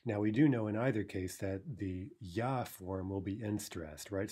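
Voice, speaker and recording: A man's voice: lowish voice, moderate pace, few pauses, dark tone, husky. A man teaching a recorded language lesson, explaining step by step and checking in with "right?" as he sounds out verb forms. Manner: pronounces foreign verb forms carefully.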